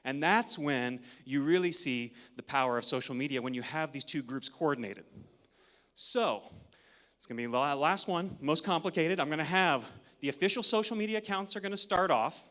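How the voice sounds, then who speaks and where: A man giving an energetic, interactive talk at a conference, leading the audience through counts, a little out of breath. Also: on the high side, moderate pace. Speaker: conference speaker. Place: large conference hall. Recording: long hall reverb.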